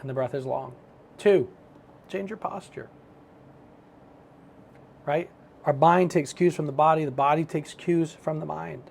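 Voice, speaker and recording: Middle-aged male self-help speaker, lively storyteller, a bit higher-pitched than most men. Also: unhurried, creaky, pauses often, a little hiss or hum. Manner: animated, storytelling, acts out his own thoughts. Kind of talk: motivational talk to camera.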